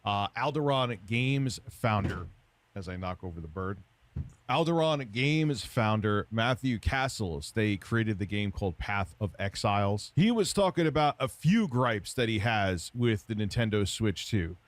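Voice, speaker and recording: A man's voice: fairly low pitch, expressive, a little slow, no echo. A man giving informal, sarcastic gaming news commentary.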